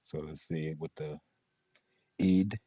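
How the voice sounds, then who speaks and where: A very low, husky man teaches Latin pronunciation at an unhurried, deliberate pace, breaking words into sounds. His voice is dark and mellow, and the recording sounds dull and lo-fi. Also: steady tone, no room sound. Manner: slow, patient, spells out sounds. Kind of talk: pronunciation lesson.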